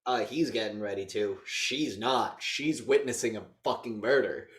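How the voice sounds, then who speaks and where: A man co-hosting a casual movie review podcast, talking in an animated, profane way and acting out scenes in quick voices. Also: on the low side, echoey room. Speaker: podcast co-host.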